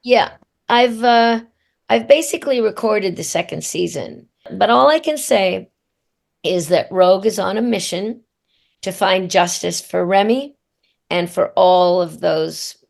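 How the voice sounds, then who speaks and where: Gravelly-voiced woman, reflective interview guest. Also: on the low side, a little slow, a little mellow. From Australia. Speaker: voice actor guest. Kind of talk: casual interview answers.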